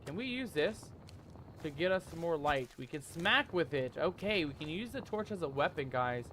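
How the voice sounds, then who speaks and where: A man playing a survival horror game and commenting as he goes, calling his viewers "mateys" and shouting when he gets scared. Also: a little high, moderate pace, a little hiss or hum. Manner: jumpy, excitable, loud when scared. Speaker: gaming YouTuber. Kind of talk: let's play commentary.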